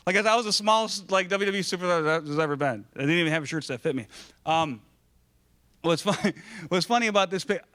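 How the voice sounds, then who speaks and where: Lively, joking man from Michigan. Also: medium pitch. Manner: animated and joking, acting out dialogue. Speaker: guest speaker. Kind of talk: storytelling talk to a live audience.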